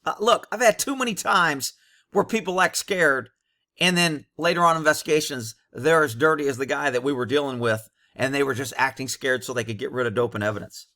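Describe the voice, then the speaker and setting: A man's voice: medium pitch, fairly quick, pushed and bright. A man who was a police officer, giving blunt, cynical commentary over bodycam footage.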